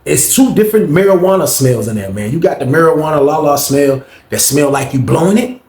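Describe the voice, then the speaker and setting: Dude telling a wild story, cussing, fairly high voice, roomy echo. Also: male voice, a little fast. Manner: animated, profane, acts out the scene. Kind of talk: casual storytime vlog. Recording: echoey room.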